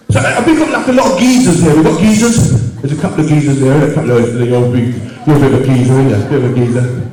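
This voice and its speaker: A stand-up comedian from Pakistan, chatting and teasing the crowd. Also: male voice, medium pitch, fast talker, few pauses, warm tone. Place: large echoey hall. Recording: echoey hall.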